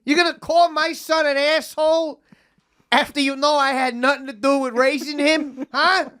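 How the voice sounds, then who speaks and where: A woman's voice: high voice, fairly even intonation, normal speed, fairly bright tone. A woman voicing a brash, confrontational middle-aged dad with a New Jersey accent, as a bit in podcast chat. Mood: belligerent.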